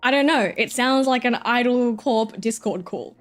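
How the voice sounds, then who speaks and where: A woman's voice: fairly high pitch, normal speed, soft background music. A young woman streamer chatting casually, rambling and giggling, swearing freely.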